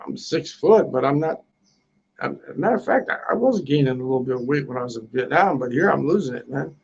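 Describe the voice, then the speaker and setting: A man's voice: medium pitch, lively intonation, quick pace, gravelly, lo-fi sound, slight background noise. A man in his sixties from the United States, rambling crudely on a casual livestream, tacking "man" onto his lines, outdoors on a balcony. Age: 60s. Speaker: livestream host.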